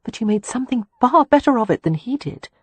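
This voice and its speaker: A soft, fragile young woman, earnest and close to tears, as a female narrator voices her. Her voice sits higher than the narration and is breathy. The recording is dry and close. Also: expressive, fast, no echo.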